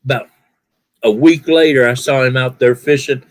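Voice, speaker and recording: A man's voice: mid-range voice, steady tone, moderate pace, poor audio. A man chatting casually, telling folksy stories and acting out the people in them with raised voices. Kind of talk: casual storytelling chat.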